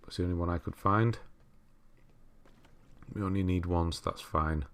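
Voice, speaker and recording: Low-voiced man commentating gameplay. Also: moderate pace. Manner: relaxed, chatty, laughs at himself, self-correcting. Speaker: walkthrough commentator.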